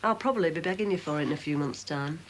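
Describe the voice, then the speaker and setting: An actress playing a gentle, apologetic middle-aged mother in a TV soap. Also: low-pitched, very fast, lightly acted. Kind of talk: TV soap acting. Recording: noisy TV soundtrack.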